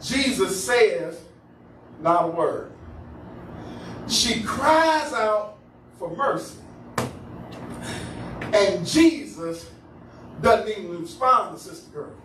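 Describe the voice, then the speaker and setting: High-voiced preacher shouting from afar. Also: male voice, expressive. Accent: Cleveland, Ohio. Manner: rising into shouted, drawn-out preaching cadence. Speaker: pastor. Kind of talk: call-and-response sermon. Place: church sanctuary. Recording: echoey church hall from far off, noisy.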